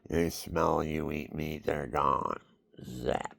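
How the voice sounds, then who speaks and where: A man with a low, gravelly voice rambles through a loose monologue, circling back and repeating himself. The sound is dry and close, with no room around it. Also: steady tone, takes it slowly, a bit bright, no room sound. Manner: rambling, repetitive, acts out quoted voices.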